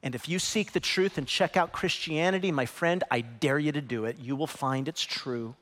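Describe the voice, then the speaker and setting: A middle-aged man preaching a sermon as pastor, with lively swings from hushed, low lines to loud, high peaks. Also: normal speed. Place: large church hall. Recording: long reverb of a large hall.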